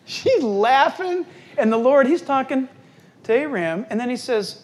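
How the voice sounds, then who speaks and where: A middle-aged man preaching a sermon as pastor, telling the story in a lively, animated way and speaking straight to his listeners. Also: very high-pitched, moderate pace.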